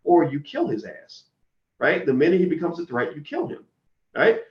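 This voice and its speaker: A man's voice: fairly high pitch, sing-song, moderate pace. Black guy ranting straight to camera, blunt and cussing, echoey and kinda muffled. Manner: blunt, profane, heated lecturing. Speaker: commentator. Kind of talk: livestream monologue.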